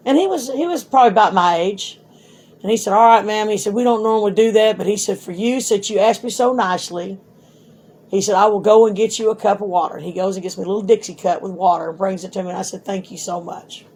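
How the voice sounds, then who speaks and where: A middle-aged woman talks to her grown son, spinning long stories in a blunt, animated way. She swears freely and talks to him straight. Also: mid-range voice, fast talker, slightly rough. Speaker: mother talking to her son. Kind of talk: casual storytelling.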